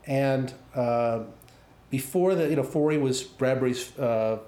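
A man tells a funny anecdote in a loose, animated way and laughs along with it. His voice sits at a middle pitch and sounds roomy and echoey. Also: a little slow. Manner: animated, laughs while telling. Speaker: storytelling guest. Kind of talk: casual anecdote. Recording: echoey room.

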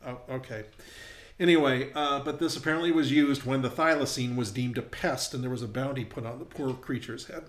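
A man's voice: medium pitch, a little fast. Male co-host, casual and rambling, mid-range voice, reverberant room. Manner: rambling, self-interrupting storyteller. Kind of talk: casual chat.

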